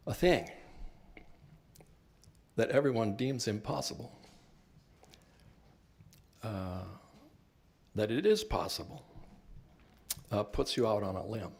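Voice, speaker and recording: An older man born in Cuba, a professor giving an earnest, reflective talk about his life and work, with touches of wry humor. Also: fairly low pitch. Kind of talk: personal reflective lecture.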